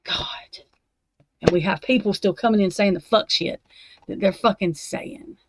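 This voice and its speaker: A woman's voice: mid-range voice, moderate pace, noisy background. A woman at her desk at home, ranting angrily and swearing as she reacts to true crime documents. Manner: angry, profane ranting.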